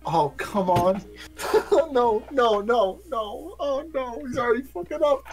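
A young woman chatting while gaming with friends, loud, excitable and quick to laugh and swear. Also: fairly high pitch. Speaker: gaming group host. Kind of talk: casual gaming chat. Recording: loud game music behind.

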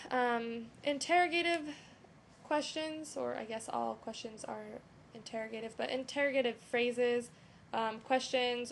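A young woman walks through a lesson in a loose, conversational way, filling her pauses with "um" and "you know". Her voice sits a little high and has a gravelly edge. A faint hiss stays under the recording. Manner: relaxed, with frequent "um" and "you know". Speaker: teacher. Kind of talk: casual screen-recorded lesson.

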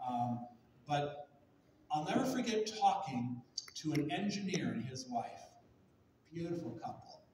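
A male pastor preaching a sermon with passion, swinging from near shouts to soft, hushed tones. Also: on the high side, big pitch swings, measured pace, noisy background. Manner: impassioned, rising to near shouts, then dropping soft and hushed. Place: large church sanctuary. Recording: echoey room audio from a distant mic.

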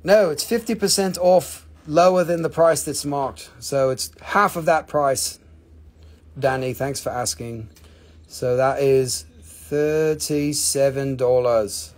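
Male live-sale host: high, husky voice, jokey, rattles off names and prices. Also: lively intonation, slow pace. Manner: joking, chatty, calls out buyers' names and prices. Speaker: host selling crystals on a live stream. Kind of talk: live sales stream chat.

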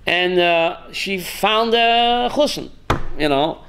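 A man, a rabbi, teaching a class with animated storytelling and calling on students by name. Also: sits high, very slow, creaky, a little hiss or hum.

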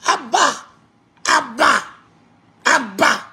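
A man with a Ghanaian accent ranting angrily, shouting and mocking with laughs between jabs. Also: very high voice, expressive, normal speed, gravelly. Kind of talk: angry ranting monologue.

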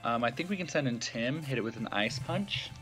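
A man's voice: medium pitch, lively intonation, a little fast, fairly bright tone, soft background music. A man giving casual let's-play commentary, thinking aloud with fillers and self-corrections. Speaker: gameplay commentator.

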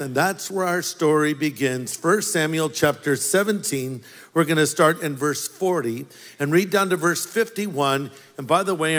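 High-voiced pastor preaching in a reverberant hall. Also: male voice, a bit bright. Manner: storytelling preacher, playful asides to the congregation. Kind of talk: sermon.

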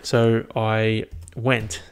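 A man's voice: lowish voice, level tone, drawn-out words, clear, resonant tone. Swearing, rambling man. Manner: rambling, heavy swearing, amused. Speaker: podcast host. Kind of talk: casual solo monologue. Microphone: headphones and podcast mic.

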